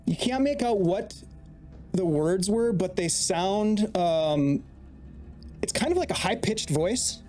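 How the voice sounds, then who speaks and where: A man's voice: high voice, animated, takes it slowly, a little mellow, soft background music. A man narrating as dungeon master, steadily setting scenes and explaining the rules. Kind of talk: narrating a tabletop game.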